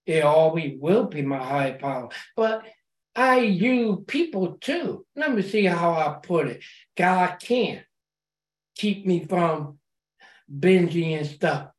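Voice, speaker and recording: Slow, halting woman in a roomy hall. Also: fairly low pitch, animated. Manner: halting, repeats words on restarts; warm, encouraging. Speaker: recovery meeting member. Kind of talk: sharing at a support group meeting.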